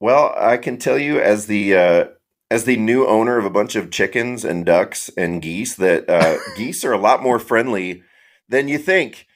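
A man's voice: lowish voice, expressive, unhurried. A man from Kansas City, a guest contributor on a casual podcast, chatty and self-amused.

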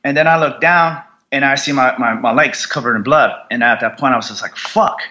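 A young man, a Marine veteran, telling his story bluntly in an interview, with heavy swearing and halting restarts. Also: mid-range voice, pushed and bright, dull audio.

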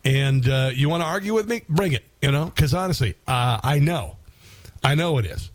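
A man's voice: on the high side, animated, moderate pace, dry recording. Combative sarcastic male talk show host. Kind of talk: opinionated talk radio monologue.

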